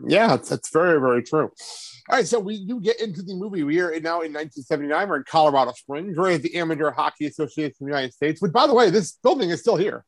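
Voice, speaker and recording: A man's voice: fairly high pitch, expressive, quick pace, dry recording. A man hosting a podcast, chatting enthusiastically and laughing often. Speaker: podcast host. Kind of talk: casual chat.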